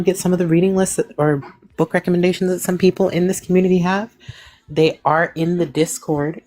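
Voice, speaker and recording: A woman moderator giving relaxed, friendly announcements to viewers. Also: deep voice. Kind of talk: casual announcements.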